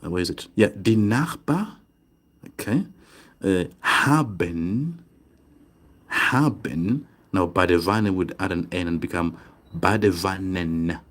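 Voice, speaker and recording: A man teaching a German grammar lesson online, speaking deliberately, repeating phrases and checking in with "okay?" and "right?". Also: low-pitched, lively intonation, fairly bright tone. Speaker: German tutor.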